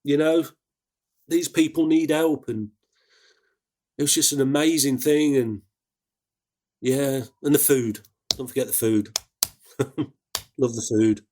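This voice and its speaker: A man with an English accent, an ambulance worker telling a personal story in a halting way, with many restarts. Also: medium pitch, fairly even intonation, darkish tone. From England. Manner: halting, full of fillers and restarts.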